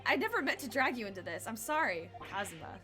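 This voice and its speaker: An anxious, apologetic young male student defendant, as a woman voices him in a game read-through who pleads and fumbles. His voice is bright and lively, and it jumps around in pitch. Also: fast talker, soft background music. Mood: flustered.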